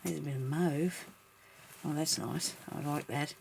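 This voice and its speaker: Woman crafting on camera, gravelly voice, talks to herself a lot, bit of faint hiss behind. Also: low voice, a little slow, a little mellow. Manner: chatty, muses to herself, laughs often. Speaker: crafting vlogger. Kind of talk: casual crafting chat, thinking aloud.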